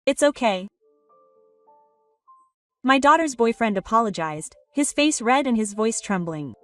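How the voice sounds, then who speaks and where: A woman narrating a story in a plain, even reading voice. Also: a little high, normal speed. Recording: distant voice over soft background music.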